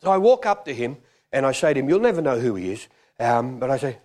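A man's voice: mid-range voice, quick pace. A middle-aged man preaching a sermon and telling stories, acting out the voices in them. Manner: animated, acts out quoted voices. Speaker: pastor. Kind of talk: sermon with storytelling.

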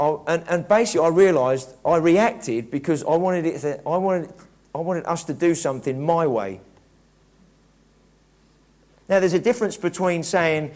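Reflective preacher, fairly high voice. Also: male voice, lively intonation, normal speed, a little mellow. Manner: conversational, reflective, many restarts. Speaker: pastor. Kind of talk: sermon.

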